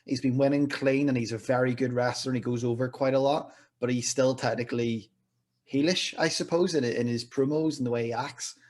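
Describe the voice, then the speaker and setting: A man as a podcast guest in casual wrestling chat, giving relaxed, measured opinions. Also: medium pitch.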